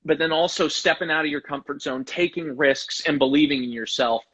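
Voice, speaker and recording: A man's voice: a little high, brisk, fairly bright tone, husky. A male host in a casual online interview, enthusiastic and full of praise, calling his guest "man" again and again. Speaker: interview host for a guitar pickup company. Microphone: video call or live stream.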